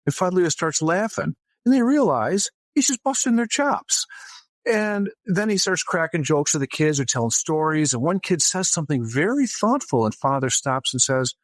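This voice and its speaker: A man's voice: a little high, big pitch swings, normal speed, no room sound. A man as an interview guest, telling a story casually and with animation, often restarting his sentences. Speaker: guest author.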